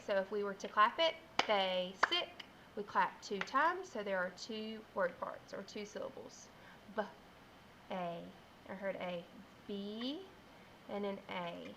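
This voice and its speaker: Bright-voiced teacher sounding out letters. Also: female voice, medium pitch, a little hiss or hum, rough recording. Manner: slow, clear, sounding out letters. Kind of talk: phonics lesson for young children.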